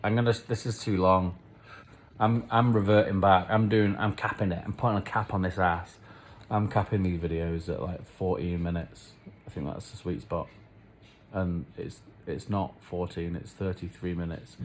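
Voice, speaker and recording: A man's voice: low voice, steady tone, moderate pace, a little hiss or hum. A man rambling on in a casual, self-mocking monologue to camera, swearing freely. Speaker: vlogger.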